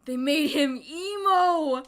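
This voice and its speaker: A young woman commenting excitedly while playing a video game, exclaiming and laughing often. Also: sits high, slow pace, slight background noise. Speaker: gaming streamer. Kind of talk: let's play commentary.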